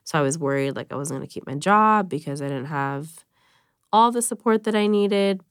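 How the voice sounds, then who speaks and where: A woman's voice: low-pitched, expressive, moderate pace, clean tone, no room sound, studio quality. A woman around thirty telling her own story in an interview, candid and casual, full of fillers. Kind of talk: personal interview.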